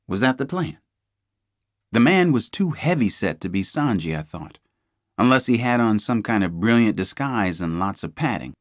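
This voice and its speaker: Low-voiced male thriller narrator. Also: no echo, clean studio sound. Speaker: audiobook narrator. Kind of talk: scripted first-person narration.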